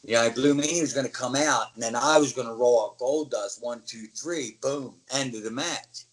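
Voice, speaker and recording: A man's voice: medium pitch, moderate pace, poor audio. A man being interviewed, telling stories casually and acting out other people's lines, with the odd swear word. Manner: animated storyteller who acts out other people's lines. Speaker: interview guest, former wrestler.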